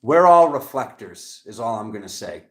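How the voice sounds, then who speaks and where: A man reading tarot cards live who works himself into a heated rant. His sentences stop and restart and he repeats phrases as he goes. The voice sits at an ordinary middle pitch and rings in an echoey room. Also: lively intonation, moderate pace, a bit bright. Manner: heated, ranting, talks over himself. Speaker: tarot reader.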